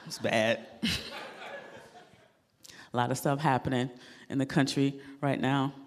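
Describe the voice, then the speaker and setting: A woman's voice: very deep voice, steady tone, unhurried, slight background noise. Woman doing stand-up on a club mic, laughs at her own jokes, echoey hall. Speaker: stand-up comedian. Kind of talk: stand-up comedy set. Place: comedy club stage.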